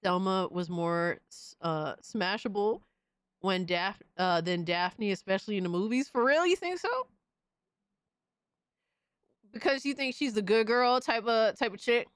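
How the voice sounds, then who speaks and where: A woman hosting a live stream, reading chat messages aloud and reacting in an excitable, profane, casual way. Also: mid-range voice, normal speed, smooth, dry recording, studio quality. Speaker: livestream host reading chat.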